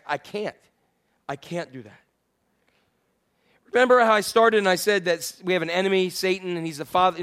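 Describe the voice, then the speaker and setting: A male pastor preaching a sermon in a conversational way, asking his congregation questions and moving between loud emphasis and quiet, hushed lines. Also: high-pitched.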